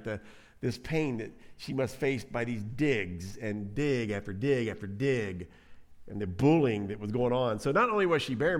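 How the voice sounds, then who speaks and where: A man preaching a sermon in an animated, conversational way. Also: medium pitch. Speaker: pastor.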